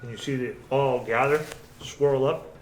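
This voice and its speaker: Male game master, unhurried narration, roomy sound. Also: mid-range voice, fairly even intonation, slight background noise. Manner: unhurried, counts damage aloud. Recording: roomy recording.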